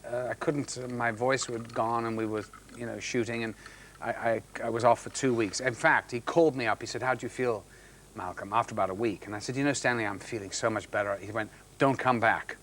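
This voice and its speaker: A man's voice: medium pitch, fairly even intonation, a bit bright, a little hiss or hum. Middle-aged male guest, anecdotal storyteller, stumbles and restarts, mimics others. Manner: halting restarts, acts out quoted voices. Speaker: actor guest. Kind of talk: anecdotal chat show storytelling.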